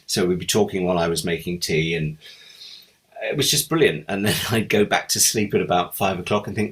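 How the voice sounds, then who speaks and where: Middle-aged guy with a really low voice, fond rambling stories from his script editing days. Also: fairly quick, a bit bright, husky. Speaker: TV script editor. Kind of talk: reminiscing interview answers.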